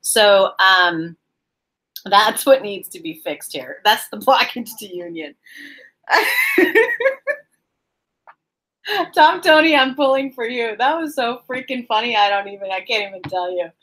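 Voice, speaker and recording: A woman's voice: mid-range voice, animated, normal speed, a bit bright, rough recording. A woman hosting a casual live-streamed card reading from her apartment, chatty and giggly, calling out viewers by name. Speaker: tarot card reader and live-stream host.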